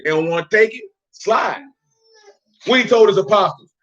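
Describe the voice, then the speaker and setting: A man's voice: high voice, moderate pace, pauses often, fairly bright tone, dull audio. A man teaching an informal Bible study, talking in slang and quizzing listeners by name. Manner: slangy, street-talk preaching.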